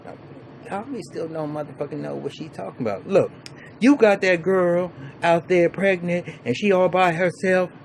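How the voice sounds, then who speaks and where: A man's voice: sits high, normal speed, gravelly, a little hiss or hum, poor audio. Profane, rambling man recapping a show. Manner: profane, rambling, many restarts and fillers. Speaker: TV show reviewer. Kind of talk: casual episode recap.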